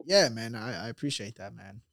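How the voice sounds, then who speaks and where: A man in his twenties, a college senior guesting on a podcast, chatting eagerly with frequent laughs and quick reactions. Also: medium pitch, animated, vocal fry, a bit bright, dry recording, clean studio sound. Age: 20s. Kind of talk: casual chat.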